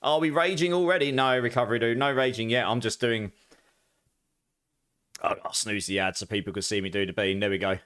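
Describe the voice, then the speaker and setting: A man's voice: medium pitch, a little fast, fairly bright tone, clean tone. A man chatting casually to viewers while streaming a game, thanking them by name. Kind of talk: casual live-stream chat.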